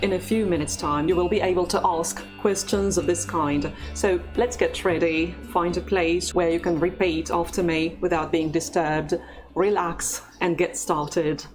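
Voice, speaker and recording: A woman teaching a language lesson, speaking slowly and carefully in an encouraging instructional tone. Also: fairly low pitch, steady tone, over music.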